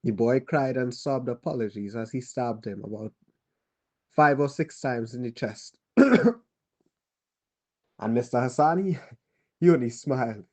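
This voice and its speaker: A man with a Trinidadian accent playing a weary male survivor who tells a child about the war in a grave, halting monologue. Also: medium pitch, natural voice. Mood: somber. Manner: halting, grave, pauses and restarts. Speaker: storyteller. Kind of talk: dramatic monologue.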